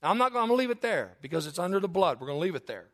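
In a church sanctuary, a male pastor preaches with a high, bright voice at a rapid-fire pace. His folksy manner slips into joking asides, and he turns excitable whenever he tells a story.

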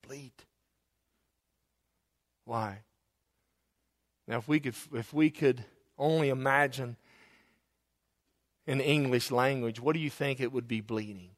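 A man's voice: mid-range voice, slow, pauses often. A male preacher delivering a sermon, asking his listeners rhetorical questions, repeating phrases and building to passionate climaxes.

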